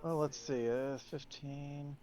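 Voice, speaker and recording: A man's voice: on the high side, fairly even intonation, slow, dark tone. A man playing a tabletop game, talking casually and thinking aloud. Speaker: player.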